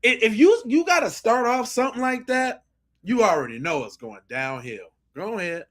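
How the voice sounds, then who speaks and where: A man's voice: high-pitched, lively intonation, normal speed, a bit bright. A man hosting a podcast, giving blunt, profane commentary on video clips and often repeating and restarting his phrases. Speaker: podcast host.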